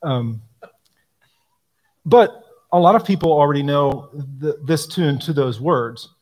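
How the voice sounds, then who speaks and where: A man answering questions about a hymnal, explaining thoughtfully with frequent pauses and ums. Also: fairly high pitch. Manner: thoughtful, explanatory, frequent ums, quotes hymn lines aloud. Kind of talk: live Q&A talk.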